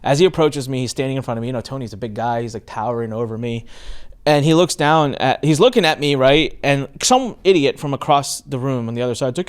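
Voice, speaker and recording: A middle-aged man hosting a podcast, telling a story with lively acted-out exchanges in casual chat. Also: a little high, quick pace, smooth. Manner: animated storyteller, acts out quoted exchanges. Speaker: podcast host.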